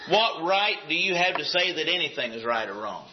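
A man with a fairly high, expressive voice preaches a sermon in church, talking briskly with few pauses. He's emphatic and repetitive, firing off rhetorical questions, and the recording is echoey, dull and lo-fi.

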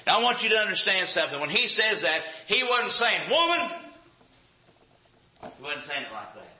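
A man's voice: high voice, very animated, fast talker. A man preaching a sermon in a folksy, conversational way with acted asides. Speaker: pastor. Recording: dull lo-fi recording.

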